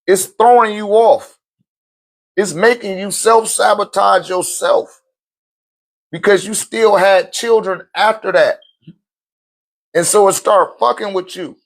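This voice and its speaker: A man giving a blunt, profane, unscripted talk, addressing listeners directly with slang and laughing between points. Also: sits high. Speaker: host of a spiritual talk channel. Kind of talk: unscripted preaching monologue.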